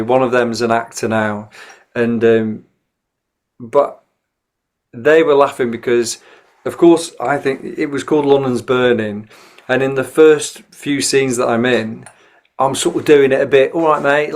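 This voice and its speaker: A man in his fifties with a northern English accent, an actor recalling an old television role in a casual interview, reflective and self-deprecating. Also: mid-range voice. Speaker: actor and musician, interview guest.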